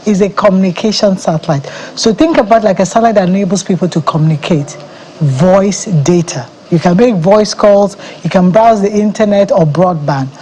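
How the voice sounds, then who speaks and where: A woman's voice: medium pitch, warm tone, slight background noise, poor audio. A Nigerian woman, head of an agency, explaining confidently as a guest in a TV news studio interview. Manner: confident, explanatory, laughs easily.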